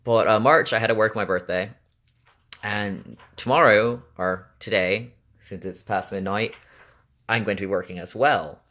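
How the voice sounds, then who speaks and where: A young man with a somewhat low voice, talking straight to his camera in a loose, rambling way. He fills his sentences with ums and likes and lets out exasperated laughs as he vents. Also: measured pace, fairly bright tone. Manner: rambling and chatty, many fillers, venting with exasperated laughs. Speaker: vlogger. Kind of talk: casual chat.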